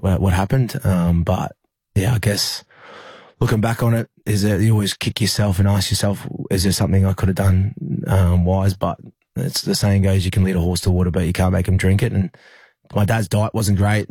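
A young Australian man, a rugby league player, telling a personal story in an interview, halting with many fillers and restarts. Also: low-pitched, a little mellow, no echo.

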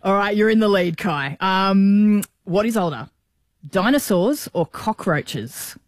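A playful woman in her forties runs a breakfast radio quiz. Her pitch is lively and animated. The sound is dry and close. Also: slow, no room sound. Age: 40s. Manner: playful, laughing quizmaster. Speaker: radio host running a quiz.

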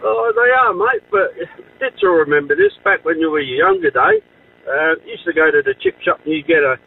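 Raspy Australian caller on the phone. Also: male voice, sits high, big pitch swings, fairly quick. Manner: nostalgic, chatty. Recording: raspy phone line from far off.

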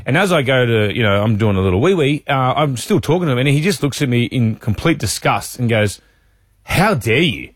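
Fast, cheeky Australian man. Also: mid-range voice, no echo, clean studio sound. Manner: cheeky, animated storyteller. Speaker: radio co-host, former footballer. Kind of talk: casual banter.

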